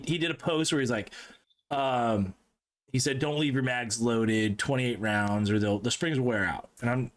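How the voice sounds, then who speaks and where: A young man hosting a podcast in casual chat, telling stories fast and swearing freely. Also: medium pitch, fairly bright tone. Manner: swears often, quick storyteller. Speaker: podcast host.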